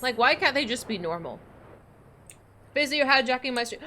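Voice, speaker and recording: A woman's voice: sits high, sing-song, a little fast, long pauses, sharp tone. A woman in her forties chatting casually with her viewers while streaming a game, rambling and gushing with frequent laughter. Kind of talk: casual livestream chat while gaming.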